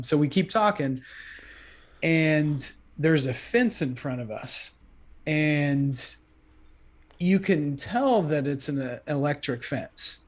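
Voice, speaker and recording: A young man telling a story on a podcast in an animated way, filling his talk with "like.". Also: medium pitch. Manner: animated, lots of "like". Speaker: podcast guest. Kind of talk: casual storytelling.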